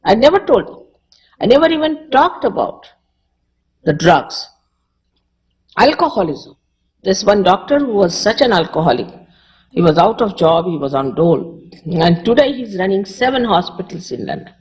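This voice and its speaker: A woman's voice: mid-range voice, very animated, normal speed, long pauses, darkish tone, rough recording. A woman from India with an Indian accent, speaking as a spiritual teacher in a public lecture, conversational and repeating short phrases for emphasis.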